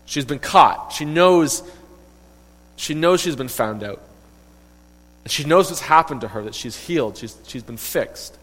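A man preaching a sermon, retelling a story in a lively, emphatic way and voicing the quoted characters. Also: on the high side, unhurried, pauses often. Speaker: pastor. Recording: long reverb of a hall.

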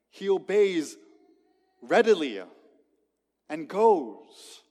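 A man preaching a sermon to a gathered congregation, emphatic, with sharp swings between loud and quiet. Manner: emphatic, dramatic swings in loudness and pitch. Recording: long reverb of a large hall.

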